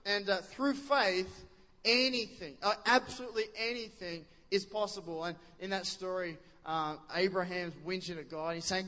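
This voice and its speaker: A man's voice: sits high, fairly even intonation, normal speed, sharp tone, big-room sound. A man preaching a sermon in a chatty way, often stopping to ask the congregation questions. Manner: conversational, quizzes the congregation, many restarts. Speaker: pastor.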